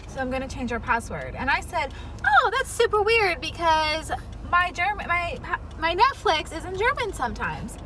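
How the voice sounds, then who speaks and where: A woman vlogger from the United States telling playful stories in casual chat while riding in a car. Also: a little high. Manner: lively storyteller, quick and playful. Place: inside a moving car. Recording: car noise behind.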